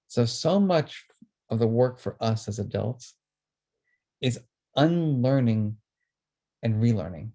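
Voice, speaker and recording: In a webinar about emotions, a man with a mid-range voice speaks earnestly before leading listeners through a calm, slow breathing exercise.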